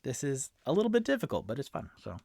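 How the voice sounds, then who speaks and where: A man's voice: medium pitch, huge pitch swings, fast, gravelly, a little mellow, no room sound. A young man narrating a solo tabletop game as game master, chatty and prone to self-mocking tangents.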